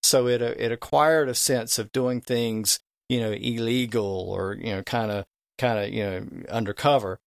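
A man's voice: medium pitch, fairly even intonation, moderate pace, vocal fry, no room sound, clean studio sound. A middle-aged man explaining word history in conversation, spelling words out letter by letter in a lecturing way. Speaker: language history guest.

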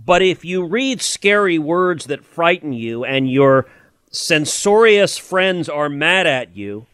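A man's voice: fairly high pitch, lively intonation, slow pace, fairly bright tone, clean tone, no echo. A middle-aged man, a senator hosting a podcast, giving emphatic, scornful political commentary that builds into indignant mockery.

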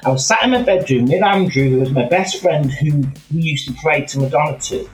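A man telling animated, rambling anecdotes as a guest in casual chat. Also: a little high, fairly quick, reverberant, poor audio. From England. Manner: animated anecdotal storytelling with many asides.

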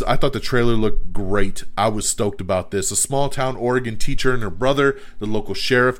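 A man hosting a podcast, giving casual movie reviews in a hesitant way with lots of fillers and restarts. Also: fairly low pitch.

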